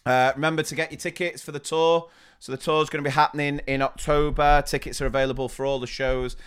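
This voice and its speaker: A man co-hosting a podcast, wrapping up the show in a relaxed, chuckling way. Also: fairly high pitch, fast talker, clean tone. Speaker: podcast co-host. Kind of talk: casual chat and show outro.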